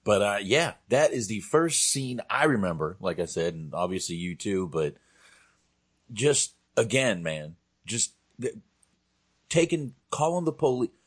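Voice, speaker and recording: Low-voiced podcast host guy, laid back, lots of ums. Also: animated, unhurried. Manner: laid-back, agreeable, hesitant fillers. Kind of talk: casual chat.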